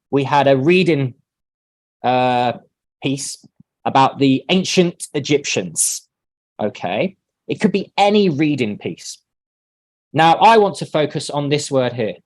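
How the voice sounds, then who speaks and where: A man leading an online teacher-training workshop, explaining in a relaxed way and acting out sample lines. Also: mid-range voice, no echo.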